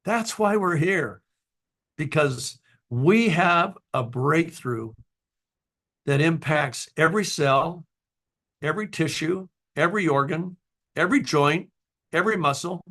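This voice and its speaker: A man's voice: a little high, animated, slow, pauses often, a bit bright. A man speaks to his distributors as their company's founder in a loose, heartfelt talk. He rambles with fillers and restarts mid-sentence, earnest throughout and emotional at times. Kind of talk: casual motivational talk.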